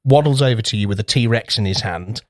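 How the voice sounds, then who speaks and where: A man's voice: on the low side, a little fast, no room sound, clean studio sound. A man co-hosting a podcast in casual chat, rambling through anecdotes, swearing freely and acting out little voices. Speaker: podcast co-host.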